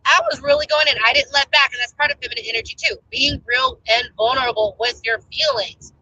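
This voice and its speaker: Bright, emphatic young woman coach. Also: sits high, fast, muffled recording, slight background noise. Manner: animated, emphatic storytelling with acted-out rants. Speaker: relationship coach. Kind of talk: casual advice monologue.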